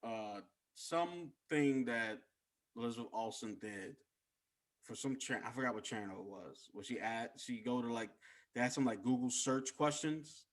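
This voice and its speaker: A man co-hosting a podcast in relaxed casual chat, often trailing off and searching for his words. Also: mid-range voice, normal speed. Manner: relaxed, loses his train of thought, trails off softly. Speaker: podcast co-host.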